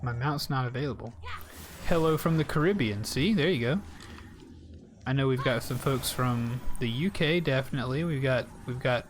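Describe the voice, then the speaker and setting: A man's voice: mid-range voice, moderate pace, slight background noise. A young man from South Carolina, chatting in a rambling way to his viewers while playing a game on a live stream. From South Carolina, United States.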